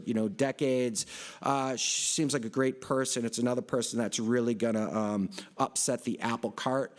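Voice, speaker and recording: A middle-aged man speaks to a conference hall at an ordinary, mid-range pitch. He rambles from point to point, breaking off mid-sentence and filling gaps with "uh" and "you know." It sounds like an off-the-cuff live presentation. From Boston area, United States. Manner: rambling, with many fillers and restarts.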